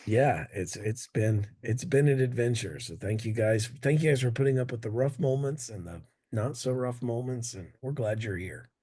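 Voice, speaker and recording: A man co-hosting a casual conversation about weekly gospel readings, talking through laryngitis with a croaky, hoarse voice and a self-deprecating manner. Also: medium pitch, normal speed, few pauses, mellow. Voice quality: croaky, gravelly. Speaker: podcast co-host. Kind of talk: casual religious discussion.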